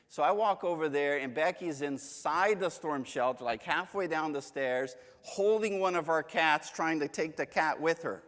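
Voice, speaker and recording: A man teaching a church Bible class, chatty and joking as he tells stories from home. His voice sits a bit high for a man. The long reverb of a church hall hangs behind him. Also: normal speed, fairly bright tone. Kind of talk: casual church lesson with anecdotes.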